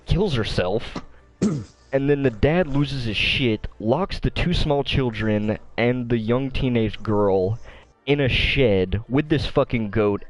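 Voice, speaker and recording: Profane, animated man ranting. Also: medium pitch. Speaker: podcast co-host. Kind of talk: casual opinionated rant.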